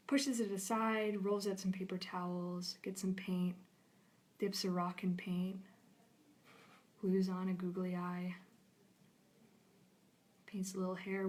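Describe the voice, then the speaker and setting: A young adult woman, a storyboard artist, walks through an episode pitch on a live stream in an upbeat, bubbly way and laughs easily. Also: flat delivery, slow, pauses often, darkish tone. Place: studio during a live stream.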